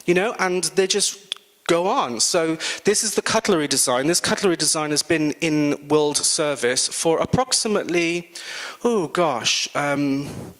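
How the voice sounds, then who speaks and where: A British man giving a casual, animated guest talk to students, chatty and self-mocking. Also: on the high side, unhurried. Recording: long reverb in a hall.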